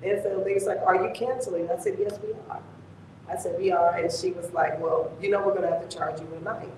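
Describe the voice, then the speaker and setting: A woman tells stories in lively casual chat, voicing every side of an argument. She sounds distant from the mic, in a very echoey room with a long reverb tail and faint background noise. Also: on the low side, a little fast. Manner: animated, retells arguments with quoted dialogue. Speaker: co-host.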